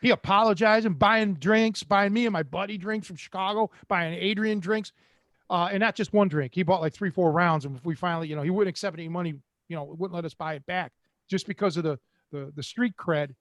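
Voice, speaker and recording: High-voiced older man spinning street stories. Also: brisk, fairly bright tone, dry recording. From Cleveland, Ohio. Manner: rambling, streetwise, quotes others in voices. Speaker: host. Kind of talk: casual storytelling.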